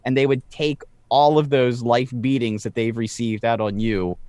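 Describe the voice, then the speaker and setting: A man's voice: medium pitch, little pitch movement, normal speed, a little mellow, clean tone, no room sound. A man co-hosting a podcast, giving wry, exasperated commentary with stammered restarts. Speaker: podcast co-host. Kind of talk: casual chat.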